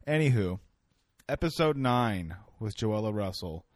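A man's voice: lowish voice, lively intonation, unhurried, no echo, clean studio sound. A man hosting a podcast in casual comedic chat, joking, swearing and rambling. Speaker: podcast host.

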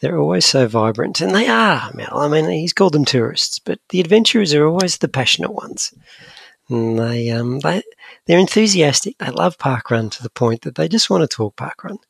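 A man's voice: on the high side, sing-song, moderate pace, gravelly, fairly bright tone, breathy edge, no room sound. A Scottish man co-hosting a podcast, chatting casually in a rambling, joking and self-deprecating way. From Scotland. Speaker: podcast co-host. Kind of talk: casual chat.

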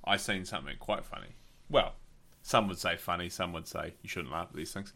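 A middle-aged man hosts a casual podcast chat in a very deep voice. His tone is bright and forceful. He tells loose, rambling anecdotes with plenty of laughter. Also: fairly quick, creaky. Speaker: podcast host.

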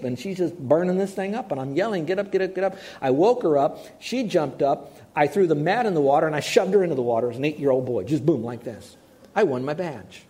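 A man preaching with a fairly high but mellow voice, his warmth carrying easy storytelling. He talks to the congregation casually and often turns to ask them questions. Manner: conversational storytelling, asks the audience questions. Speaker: pastor. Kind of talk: sermon with personal stories.

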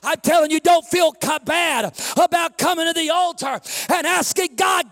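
Speaking at normal speed with hardly any pauses, this very high-pitched man delivers a sermon as pastor. He veers from shouting to quiet asides, addresses people as "honey," and chuckles at his own humor.

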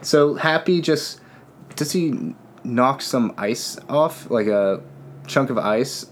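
A man's voice: medium pitch, takes it slowly, slight background noise. A man co-hosting a casual podcast, joking and asking questions while recapping a movie. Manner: relaxed, joking, asks questions. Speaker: podcast co-host.

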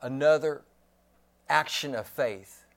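A man's voice: medium pitch, slow, vocal fry, fairly bright tone. A man preaching a sermon as pastor, emphatic and given to repeating his phrases.

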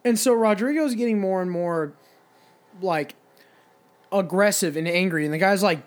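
Young man, fairly high voice, casual podcast chat, swearing, rambling anecdote. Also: moderate pace, long pauses. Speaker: podcast co-host.

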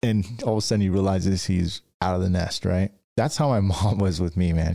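A man's voice: deep voice, normal speed, vocal fry, hardly any pauses, warm tone. A man hosting a podcast, giving rambling casual business advice and acting out stories. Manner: rambling, with restarts and acted-out stories. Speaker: podcast host, dent repair business owner.

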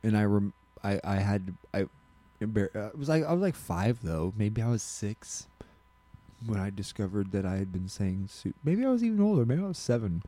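A man's voice: on the low side, expressive, moderate pace, dark tone. A man co-hosting a podcast, chatting casually and telling a rambling story full of restarts and self-corrections. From Alaska. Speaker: podcast co-host. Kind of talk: casual chat.

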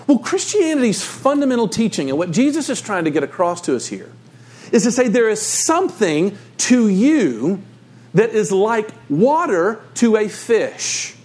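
Animated high-voiced male pastor. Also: normal speed. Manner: conversational, animated storytelling. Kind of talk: sermon.

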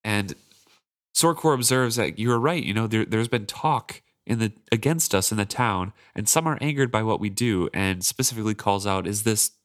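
A man co-hosting a book podcast, chatting casually and retelling a novel in a relaxed way, laughing often. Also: on the low side, moderate pace.

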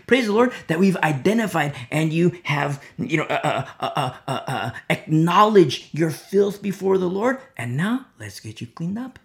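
Male preacher, impassioned sermon delivery, gravelly edge, wide swings in pitch, repeats for emphasis. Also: animated, moderate pace, few pauses. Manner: impassioned, repetitive, swings between loud and hushed.

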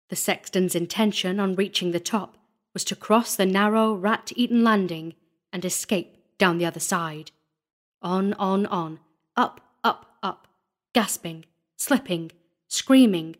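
A woman narrating a gothic horror story as a dramatic audiobook reading, measured and building tension. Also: medium pitch.

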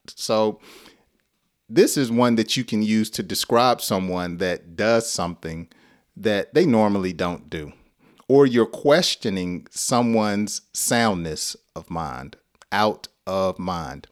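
A man's voice: fairly low pitch, expressive. A middle-aged American man teaching an English lesson on a live stream, playful, acting out example sentences. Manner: slow, playful, acts out example lines with laughs.

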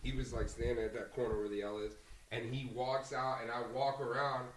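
A man from Argentina spins a bar story in a loose, rambling ramble, leaning on "like" and swearing freely. His voice sits at a middle pitch for a man. There is a faint hiss behind him. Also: flat delivery, fairly quick, rough recording. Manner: rambling, heavy on fillers and swearing. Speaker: bartender, podcast guest. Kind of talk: casual storytelling.

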